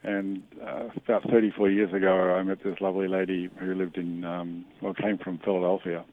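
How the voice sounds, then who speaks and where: An older man with an Australian accent talks through a tinny phone line. His voice is very low, and he chats freely with lots of restarts. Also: level tone, moderate pace. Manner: chatty, storytelling, restarts often. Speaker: travel company owner, guest. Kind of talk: radio interview. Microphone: phone call.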